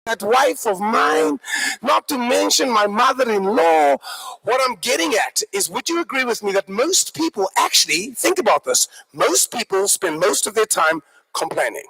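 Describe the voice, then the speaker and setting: Man, live workshop speaker, joking storyteller, bright tense voice, talks to the crowd. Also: very high-pitched, normal speed, gravelly, slightly rough, low-quality recording. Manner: animated, joking storyteller addressing the audience. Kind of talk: live motivational workshop talk.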